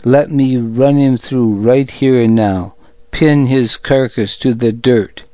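A fierce young soldier, urgent and hard, eager for a fight, voiced by a man reading aloud. His lines come slowly and deliberately. The sound is dry and dull. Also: mid-range voice, steady tone, warm tone, dry recording, natural voice.

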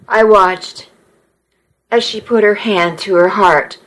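Slow, unhurried woman reading a story. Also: mid-range voice, fairly even intonation, fairly bright tone, poor audio. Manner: unhurried, occasional slips and self-corrections. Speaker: narrator.

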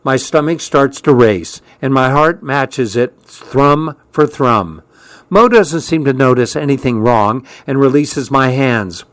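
Slow, measured male audiobook narrator. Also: mid-range voice, animated, a bit bright, no echo. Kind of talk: scripted first-person narration.

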